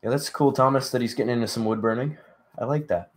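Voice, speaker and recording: A young man, sleepy and yawning, runs a casual live stream, speaking fast at medium pitch over slight background noise. He rambles with many fillers, reading chat aloud and replying.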